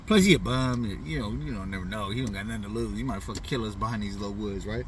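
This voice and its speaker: A man's voice: medium pitch, fast talker, fairly bright tone, far from the mic, a little hiss or hum. A middle-aged man casually telling a funny childhood story in loose, profane slang, often tossing in "you know what I'm saying.". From US Pacific Northwest. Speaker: vlogger.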